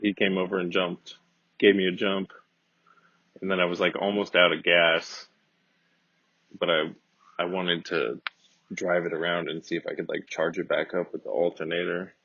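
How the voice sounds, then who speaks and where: Gravelly low-voiced man telling a profane story. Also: normal speed, long pauses, no echo. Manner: profane, rambling, deadpan. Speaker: podcast host. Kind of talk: casual comedic storytelling. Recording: dull lo-fi dry recording.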